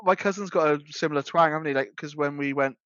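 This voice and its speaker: This podcast co-host talks quickly in a somewhat bright, higher-pitched voice, meandering through casual conversation full of fillers and false starts. There's no echo, and the dry sound comes across dull and a bit lo-fi.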